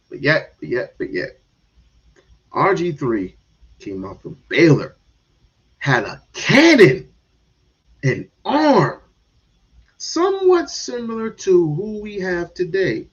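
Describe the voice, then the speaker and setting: A man's voice: sits high, measured pace, pauses often, breathy edge. A man hosting a show, ranting about sports and culture in a sarcastic, mocking way. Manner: animated, sarcastic, mocking asides. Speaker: podcast host. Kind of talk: opinionated sports commentary rant. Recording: dull lo-fi stream audio.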